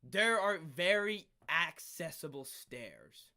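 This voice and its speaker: A young adult man co-hosting a podcast in casual chat, telling stories with lively, acted-out exchanges. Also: fairly high pitch, takes it slowly. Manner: animated storyteller, acts out quoted exchanges. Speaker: podcast co-host.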